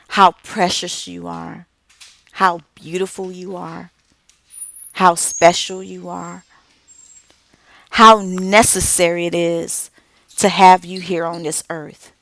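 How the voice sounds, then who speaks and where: Middle-aged woman speaker, emphatic, lowish pitch, unhurried, dry recording. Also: level tone, gravelly, fairly bright tone, dry recording. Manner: slow, emphatic delivery with dramatic pauses. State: tearful at moments. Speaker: author and speaker. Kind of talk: inspirational speech.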